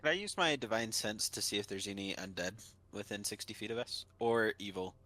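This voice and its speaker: Bright-voiced man asking questions in a tabletop game. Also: fairly low pitch, fairly quick. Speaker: player. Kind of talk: casual tabletop game play.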